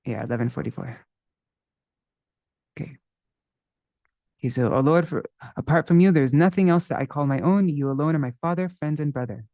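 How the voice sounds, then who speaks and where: A man's voice: fairly high pitch, vocal fry, dark tone, dry recording. A man teaching a devotional song text in a live class, explaining words one by one and stopping to look them up in a dictionary. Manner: chants scripture verses slowly.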